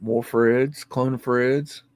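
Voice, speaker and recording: A man's voice: medium pitch, steady tone, very slow, a little mellow, no echo. A man hosting a live stream, musing in a folksy, casual way as he comments on old photos. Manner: folksy, drawling, musing aloud.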